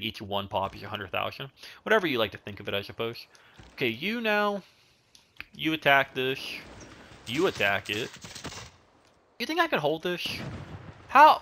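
A man's voice: on the high side, sharp tone. A young man giving rambling, casual commentary while he plays a strategy game, chatting at his units. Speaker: gaming channel host.

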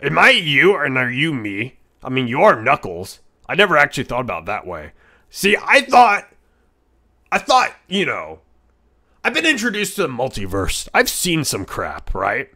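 A man voicing a brash, hot-headed male echidna in a live-stream role-play, rambling, stammering and crude, quick to yell. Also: medium pitch, wildly swooping pitch, exaggerated voice. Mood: rambling banter.

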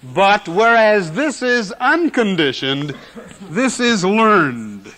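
Guy lecturing w a fairly high voice, repeats stuff for emphasis, old 70s recording. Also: sing-song, a bit bright, soft background music. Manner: emphatic, repeats key words, dramatic pauses. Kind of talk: lecture on general semantics.

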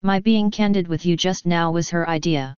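A grave royal mare from a storybook, speaking in a slow, solemn, pleading way, as a woman reads her lines. The voice sits low and very smooth. The recording is dry and a little dull. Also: a little mellow, no echo, natural voice.

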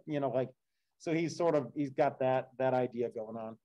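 A man's voice: medium pitch, moderate pace, warm tone, rough recording. A man reading an epic poem aloud as a teacher, breaking off for casual, chatty commentary. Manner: casual, chatty asides with fillers. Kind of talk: read-aloud with classroom commentary.

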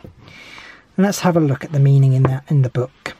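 A woman's voice: extremely low pitch, normal speed, warm tone, slight background noise. A woman giving a tarot reading, talking eagerly and repeating her encouragements over and over. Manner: enthusiastic, repetitive encouragement. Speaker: tarot reader.

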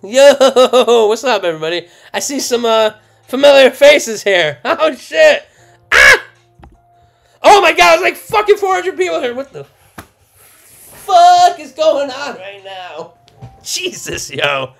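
A young man live-streaming a card opening, loud and swearing, laughing and shouting with excitement. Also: extremely high pitch, takes it slowly, gravelly. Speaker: streamer opening trading cards.

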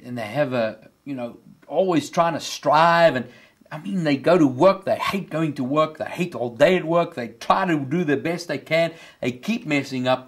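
A middle-aged South African pastor preaches with fervour, his voice sitting in an ordinary middle range but leaping high whenever he drives a point home. He keeps up a sermon's steady, urgent push. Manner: impassioned preaching, rising high on key words.

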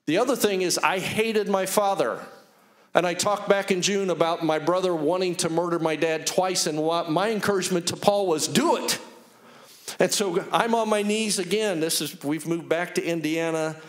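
A male pastor preaching an animated sermon, telling personal stories and acting out the dialogue he retells. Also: sits high, moderate pace. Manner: earnest, personal testimony.

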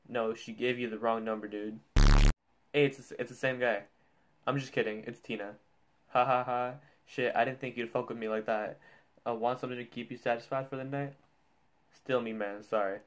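A man's voice: mid-range voice, steady tone, normal speed. A man hosting his channel, reading funny texts aloud in casual reaction commentary, joking and swearing as he goes. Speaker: youtuber.

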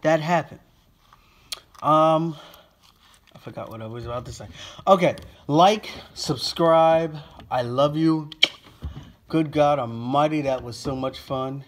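A man's voice: medium pitch, a little slow, long pauses. A man vlogging to camera, out of breath and lightheaded, gushing and sighing between phrases. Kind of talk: casual talk to camera.

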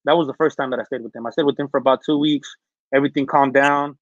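A man from Northern California telling his story in a casual interview, rambling with fillers and restarts, recovering from being sick and clearing his throat. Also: medium pitch, fairly even intonation, quick pace, no echo. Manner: rambling, many fillers and restarts, street slang. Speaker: interview guest. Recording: dull, lo-fi dry recording.

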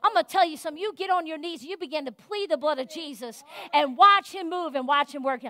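A woman pastor preaching a sermon in a fervent, folksy way, rising to loud exhortation and dropping to soft, confiding talk. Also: high voice, fast. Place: church.

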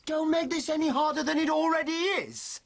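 Middle-aged husband, bitter and sarcastic, swinging intonation, TV drama. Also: male voice, mid-range voice, very animated, a little fast, fairly bright tone, slightly rough, full character voice.

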